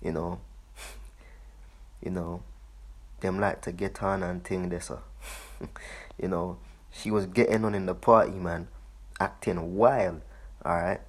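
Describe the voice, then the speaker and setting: A man talks through a video in a loose, rambling way, swearing and laughing as he goes. His voice sits low and has a husky edge. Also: fairly even intonation, a little slow, long pauses. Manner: loose, swearing, laughs often, repeats words. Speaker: online commentator. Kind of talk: casual commentary on a video.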